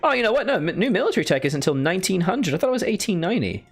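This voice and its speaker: A man's voice: high voice, very animated, racing, husky. Man, let's player, mumbles his moves aloud, self-deprecating, faint music under the voice. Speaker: strategy game let's player. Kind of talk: casual gameplay commentary.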